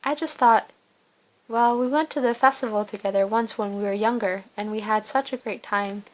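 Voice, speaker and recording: Woman reading young male fire mage, teasing, eager to please, slightly high voice, game story. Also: moderate pace, close to an everyday voice, rough recording. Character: young man, earnest, playful fire-wielding suitor.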